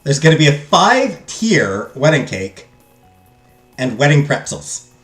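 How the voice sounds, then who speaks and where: A man's voice: on the high side, big pitch swings, a little slow, a bit bright. A young man joking around as he plays a story game and reads its text aloud. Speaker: gaming streamer. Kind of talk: let's play commentary. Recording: echoey room, faint music.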